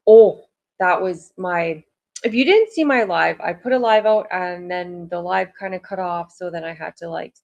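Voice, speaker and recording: A woman's voice: lowish voice, normal speed, gravelly, darkish tone, highs cut off. A woman talking casually to her viewers, chatty and rambling, with lots of "like" fillers. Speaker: vlogger. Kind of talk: casual chat to camera.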